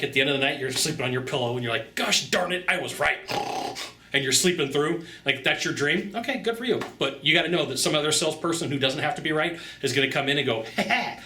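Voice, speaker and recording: A sales coach giving casual, energetic tips straight to camera, chatty and repeating phrases for emphasis. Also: male voice, medium pitch, fast, a little hiss or hum. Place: Sacramento, California. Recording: roomy echo.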